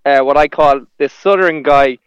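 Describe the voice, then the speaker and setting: A man who works as a stand-up comedian, talking in a relaxed, rambling way. His voice sits somewhat high and comes through smooth and clear. The recording is dry and a little dull. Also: normal speed, dry recording. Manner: rambling, with restarts and laughs. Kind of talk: casual conversation.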